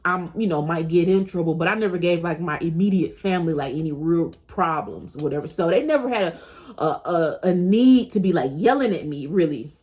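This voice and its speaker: A woman's voice: lowish voice, lively intonation, fairly quick, a little mellow. A woman in her thirties telling a personal story to her viewers in a casual, chatty way, often speaking straight to them and laughing as she goes. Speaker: vlogger.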